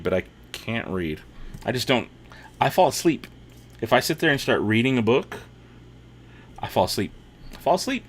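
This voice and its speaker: A man's voice: mid-range voice, a bit bright. A man hosting a casual watch-party livestream, reading chat comments aloud and laughing often.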